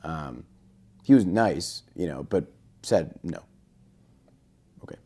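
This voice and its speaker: A man's voice: sits low, slow pace. A man on a podcast as a guest, telling a casual story and acting out the dialogue. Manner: lively anecdote-telling, acting out quoted dialogue.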